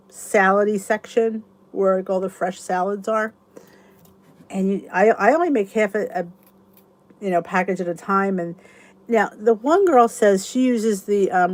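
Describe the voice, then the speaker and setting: Speaking a little slowly in a mid-range voice, a middle-aged YouTube host talks to her viewers. Her manner is casual, eager and meandering.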